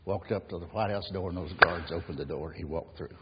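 A man preaching a sermon and telling stories, unhurried, letting his phrases drop to a hushed close. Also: low voice, husky. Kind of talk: sermon with storytelling. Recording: echoey hall, dull lo-fi sound, faint hiss.

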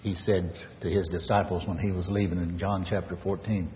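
Male preacher, low voice, pulpit delivery that rises loud and drops hushed; long reverb, faint hiss. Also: level tone, brisk, lo-fi sound. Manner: emphatic, repetitive preaching, swinging from loud to hushed. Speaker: pastor. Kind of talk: sermon. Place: church sanctuary.

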